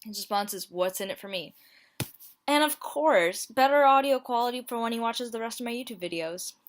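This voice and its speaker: This twentysomething woman has a fairly high, expressive voice and speaks fairly quickly. In her playful, self-mocking YouTube vlog she reads dating-app messages with casual commentary, recorded on a home mic with plain sound quality.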